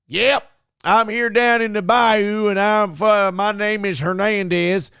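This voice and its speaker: A man's voice: high-pitched, fairly even intonation, takes it slowly, bright, forceful tone, smooth, dry recording, studio quality, voice pushed up, exaggerated voice. A man putting on an angry, cursing middle-aged Hispanic farmer from the bayou. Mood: folksy. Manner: crude, cursing outbursts.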